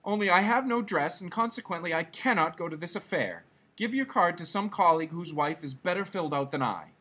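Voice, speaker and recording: A man reading a story aloud, voicing a vain, discontented young wife with a plaintive, petulant manner and a husky edge. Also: high-pitched, lively intonation, a little fast, pushed and bright, pitched above the performer's own voice, exaggerated voice.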